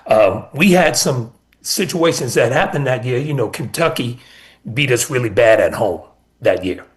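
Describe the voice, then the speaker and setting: A man's voice: medium pitch, lively intonation, moderate pace. A middle-aged man, a college basketball coach, telling stories as a guest in a casual radio interview and often repeating words.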